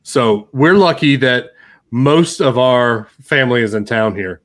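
A man's voice: mid-range voice, unhurried. An American man in his thirties hosting a casual chat, joking and laughing often. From United States. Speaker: podcast host.

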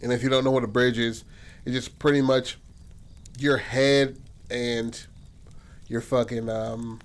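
A man in a middle pitch range, telling a story in a relaxed, rambling way. He swears often and pads his sentences with fillers. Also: unhurried. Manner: profane, rambling, says "like" and "and shit" a lot. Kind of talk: casual spoken storytelling.

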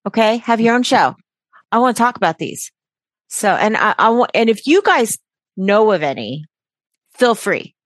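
A woman's voice: mid-range voice, very animated, normal speed, long pauses, dry recording. A woman hosting a podcast in casual chat, brash and jokey, swearing freely with sarcastic asides. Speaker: podcast host.

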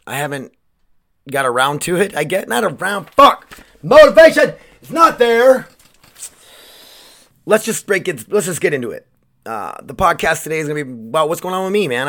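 A man's voice: medium pitch, fairly bright tone. A young man hosting his own podcast, talking casually in a rambling way, restarting sentences and swearing freely. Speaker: podcast host. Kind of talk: casual solo podcast monologue.

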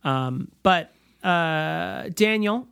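A man's voice: fairly high pitch, animated, very slow, gravelly, fairly bright tone, clean tone. A man co-hosting a movie podcast in casual chat, dry and sardonic, swearing freely. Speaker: podcast co-host.

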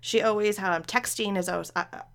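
Gravelly-voiced woman podcast host. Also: mid-range voice, fairly quick. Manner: animated, laughs often. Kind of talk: casual chat about books.

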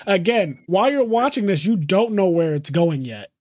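A man hosting a podcast, excitedly recapping an anime episode in casual, profane, run-on talk. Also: sits high, dry recording, studio quality. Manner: excited, swears freely, rapid run-on retelling. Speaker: podcast host.

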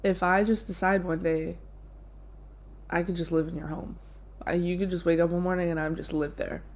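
Low-voiced playful young woman. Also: flat delivery, normal speed. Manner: playful, bossy game-leading. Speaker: podcast co-host. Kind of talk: casual chat.

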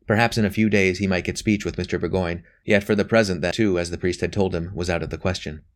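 A man reading a novel aloud as an audiobook narrator, in a measured, even way. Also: sits low. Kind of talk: scripted narration.

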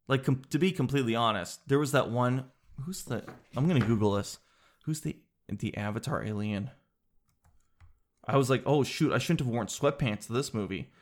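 A male comedian talks alone on his podcast in a casual, rambling way. He jokes freely, swears now and then, and wanders from one bit to the next with animated asides. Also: mid-range voice. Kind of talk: casual solo podcast chat.

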